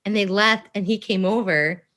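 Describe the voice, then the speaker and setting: Bright-voiced girl in her 20s telling a story on a podcast, super animated, laughing through it. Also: medium pitch, moderate pace. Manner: animated storytelling, acts out dialogue, laughs often. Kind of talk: candid podcast chat.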